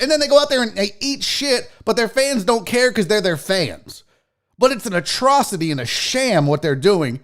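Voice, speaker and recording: Talking at normal speed with lively intonation and a high voice, a man in his forties hosts a show. He delivers a heated, profanity-laced livestream rant, mocking others in put-on voices.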